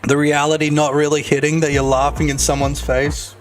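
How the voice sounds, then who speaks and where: A man streaming his game development, chatting casually, excitable, laughing and swearing a lot. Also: fairly high pitch, a little fast, music in the background. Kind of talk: casual live-stream chat.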